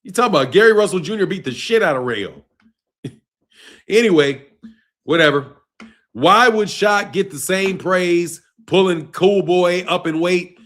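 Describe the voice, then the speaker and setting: A man's voice: sits high, measured pace, fairly bright tone. Exasperated profane man arguing with chat. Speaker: boxing channel host. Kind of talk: live stream chat reacting to viewers.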